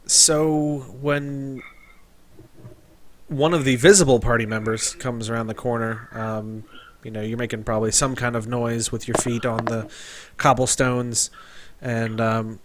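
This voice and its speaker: A man narrating a tabletop game as game master, describing scenes in a loose, halting way. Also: medium pitch, little pitch movement, a little hiss or hum.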